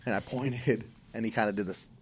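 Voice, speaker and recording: A man's voice: fairly low pitch, fairly even intonation, brisk, husky. A man from Minnesota, a podcast guest, telling a casual, rambling story full of restarts and fillers.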